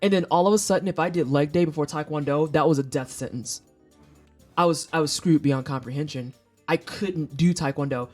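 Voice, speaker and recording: Hosting a live stream with faint music behind her, a woman in her thirties speaks in a low voice at a fairly quick clip. Her casual chat runs on profane, animated anecdotes, with over-the-top impressions of whoever she's quoting.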